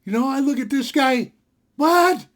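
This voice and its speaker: Folksy older man, very high-pitched speaking voice, rambling anecdote told straight to camera. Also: lively intonation, moderate pace. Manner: folksy and rambling, with many fillers. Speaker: storyteller. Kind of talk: casual storytelling to camera. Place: home desktop setup.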